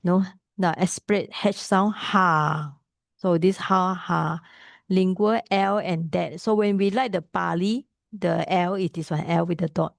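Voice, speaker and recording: Malaysian english lady teaching pali sounds, low gravelly voice, dry close sound. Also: fairly even intonation, a little mellow, dry recording. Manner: patient, repeats sounds slowly. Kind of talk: pronunciation lesson.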